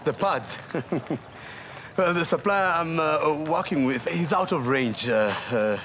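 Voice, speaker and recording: An actor playing a shady trader who dodges questions with nervous laughs in a TV drama. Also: male voice, on the high side, expressive, slow pace, a bit bright, a little hiss or hum. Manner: evasive and flustered, nervous laughs. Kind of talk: TV drama acting.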